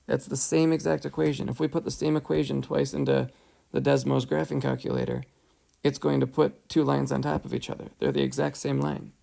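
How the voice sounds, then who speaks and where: A man's voice: mid-range voice, level tone, a little fast, creaky, warm tone. A man teaching a whiteboard math lesson, patiently talking through each step and checking in with "right?". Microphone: headset or tablet mic, voice-over screencast.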